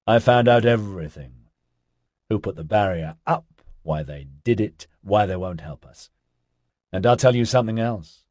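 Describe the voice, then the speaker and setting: A man voicing a laid-back, chatty young man who talks in hippie slang with an excitable drawl. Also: fairly low pitch, normal speed, dry recording, studio quality, lightly acted. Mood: rambling.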